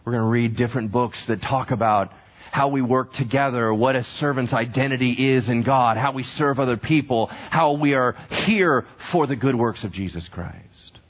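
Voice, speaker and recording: A male pastor teaches from scripture in a sermon, repeatedly posing questions to the congregation and answering them himself. His medium-pitched voice goes at a normal speed, and the recording sounds muffled.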